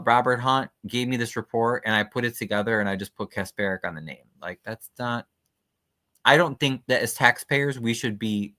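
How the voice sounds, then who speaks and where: A man with a low voice and a bright, forceful tone hosts a casual livestream from his computer. He talks in a skeptical, chatty way, full of fillers, as he reads through documents on screen. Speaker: livestream host.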